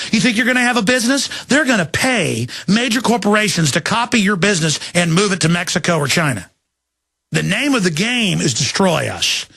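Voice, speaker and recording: Gravelly, ranting male talk host. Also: high-pitched. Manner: ranting, shouting in bursts, emphatic slowdowns. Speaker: radio talk show host. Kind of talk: impassioned monologue.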